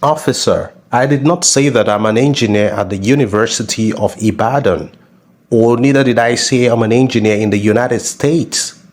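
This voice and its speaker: A man playing a young tech freelancer in a comedy skit, calmly defending himself to a police officer. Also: fairly low pitch, husky. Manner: defensive, explaining patiently.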